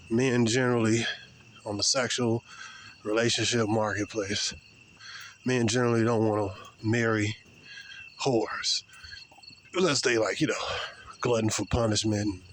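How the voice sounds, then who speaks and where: A man of ordinary, middle pitch delivers a blunt, rambling opinion monologue, full of fillers and restarts. He talks while walking outdoors, with faint insects chirping behind him. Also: steady tone, moderate pace, long pauses, a little hiss or hum. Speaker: vlogger. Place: outdoors, walking past people.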